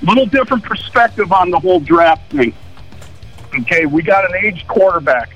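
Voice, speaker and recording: A man's voice: high voice, animated, moderate pace, fairly bright tone. A man calling in to a sports radio show, giving a blunt opinion. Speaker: caller. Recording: dull call-in line with faint music.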